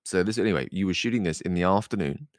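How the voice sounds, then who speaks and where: A man's voice: low-pitched, lively intonation, fast talker, dry recording. A man from England, an actor co-hosting a casual chat, dry and playful, often slipping into comic voices. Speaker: actor, podcast co-host.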